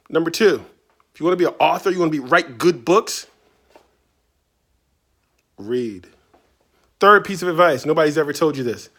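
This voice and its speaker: A man's voice: on the high side, a bit bright. A man from Virginia answering reader questions in a casual, playful, chatty way from his writing studio. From Tidewater Virginia, US. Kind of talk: casual video Q&A.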